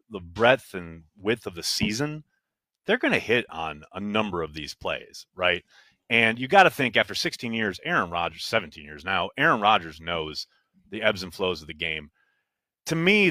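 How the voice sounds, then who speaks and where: In a dry recording with no room sound, a deep-voiced man co-hosts a casual sports podcast. He's an animated, rambling storyteller who spins long tales and mimics the complaints of fans.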